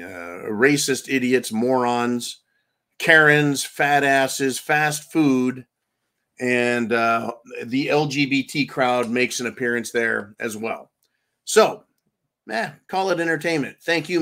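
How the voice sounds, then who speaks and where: A man's voice: medium pitch, a bit bright. A man hosting a livestream, reading viewer comments and mocking the news in a sarcastic, casual way with many fillers. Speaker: livestream host.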